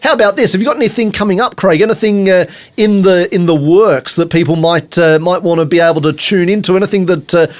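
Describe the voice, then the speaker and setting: A man's voice: high voice, fast, few pauses. A man hosting an interview, chatty and teasing, asking long rambling questions. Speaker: interview host. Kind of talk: casual interview chat.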